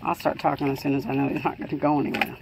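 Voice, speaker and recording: A woman's voice: rumbling low, level tone, racing, vocal fry, heavy background noise. A woman hosting a casual pet vlog, talking to her dog and giving him firm, repeated commands, outdoors in a yard. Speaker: dog owner and channel host.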